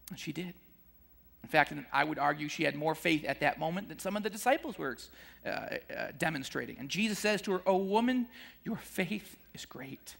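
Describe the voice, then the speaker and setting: Speaking with vocal fry in a large hall, a Christian teacher offers a conversational sermon on scripture. He chuckles between points and animatedly performs the disciples' complaints, his pitch jumping up.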